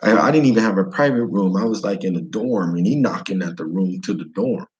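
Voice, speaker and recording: A man's voice: low-pitched, lively intonation, brisk, darkish tone, muffled recording. A man from the United States casually telling a travel story, slangy, profane and rambling.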